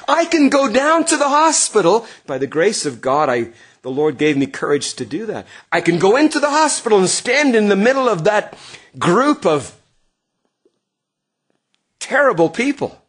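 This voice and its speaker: A middle-aged male pastor preaching earnestly, swinging from emphatic lines to hushed, quiet passages. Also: high voice, big pitch swings, moderate pace, breathy edge. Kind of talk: sermon.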